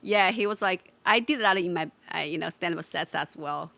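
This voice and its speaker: Woman, comedian guest, earnest halting chat, lowish voice, dry mic. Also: vocal fry, bright, forceful tone, dry recording. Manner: earnest, halting, non-native phrasing. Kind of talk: casual chat.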